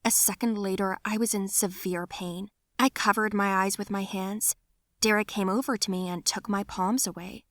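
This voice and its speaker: A young woman narrating her own animated story in the first person, acting out her cries with strong emotion. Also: medium pitch, normal speed, dry recording, studio quality.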